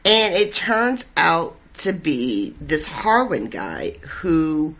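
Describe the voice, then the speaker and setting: A podcast co-host chatting casually about a book chapter, excited and swearing freely. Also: medium pitch, drawn-out words. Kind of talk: casual chat recapping a book.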